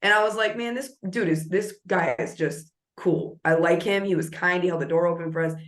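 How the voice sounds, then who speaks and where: A woman co-host casually retelling a story, animated and acting out the quotes. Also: on the low side, a little fast, roomy sound.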